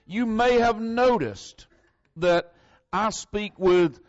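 Speaking slowly in a high voice, this Southern-accented preacher from northern Florida gives a casual, folksy sermon and draws hard on scripture. The recording is dry and muffled.

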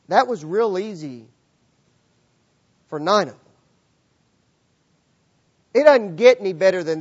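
A man preaching a sermon to a congregation, lively and acting out the voices of the people in his story. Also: high-pitched, husky, dull audio. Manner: animated, acts out voices of characters. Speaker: pastor. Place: church.

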